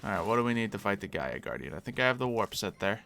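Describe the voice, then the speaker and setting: A man's voice: on the low side, very animated, fast, gravelly, bright, forceful tone, soft background music. A man streaming a game live, chatting casually and answering viewers as he plays. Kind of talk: casual live-stream chat while gaming.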